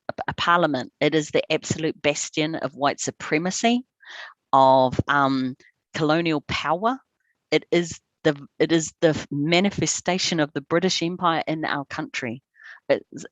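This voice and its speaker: A woman's voice: sits low, dry recording. A woman member of parliament speaking on a video call, passionate and defiant, telling her story with emphasis. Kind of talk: panel conversation over video call.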